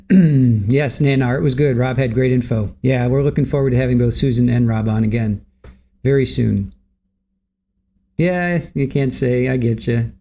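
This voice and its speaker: A man's voice: medium pitch, normal speed, dark tone. A man hosting a livestream, greeting viewers from the chat by name and chatting casually while waiting for court to start. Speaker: livestream host.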